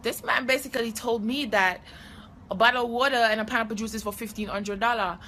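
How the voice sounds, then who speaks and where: A woman's voice: a little high, fast, a little hiss or hum. A young woman with a Jamaican accent telling comic stories to camera, acting out the voices of the people in them. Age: young adult. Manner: animated, acts out voices in her stories. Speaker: comedy vlogger. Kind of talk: comic storytelling vlog.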